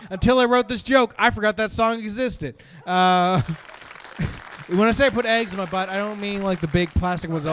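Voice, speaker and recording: A man, doing an animated stand-up set and laughing through his stories at a brewery. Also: high-pitched, normal speed, noisy background. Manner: animated storytelling with bursts of laughter. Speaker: stand-up comedian. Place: brewery stage.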